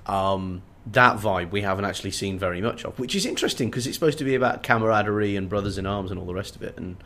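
A man co-hosting a casual book-discussion podcast, chatty and animated. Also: lowish voice, quick pace, slight background noise. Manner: chatty, animated, with frequent fillers and restarts. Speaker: podcast co-host.

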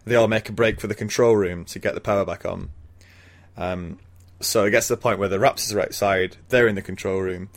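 A man's voice: fairly low pitch, fairly even intonation, brisk. A man casually recapping a film plot for a podcast, rambling with ums and little laughs. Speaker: podcast co-host.

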